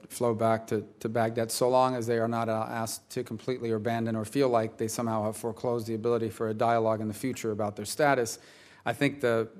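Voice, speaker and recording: A male senator questioning a witness at a hearing, in a medium voice with very little rise and fall. He speaks in a measured, deliberate way, hesitating with fillers as he builds his points. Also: medium pitch, darkish tone.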